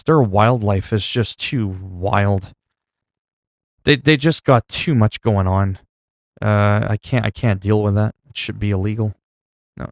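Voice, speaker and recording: Rambling, low-voiced male streamer. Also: gravelly, no echo, studio quality. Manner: rambling, with many fillers and self-corrections; gets loud and higher when reacting in disgust. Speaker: livestreamer. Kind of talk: casual chat to a stream audience.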